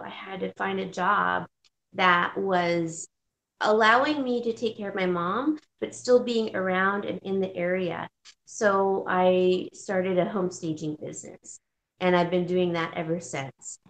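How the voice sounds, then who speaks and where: Chatty woman in a roomy space. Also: mid-range voice. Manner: chatty storytelling with fillers and laughs. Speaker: guest. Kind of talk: casual chat.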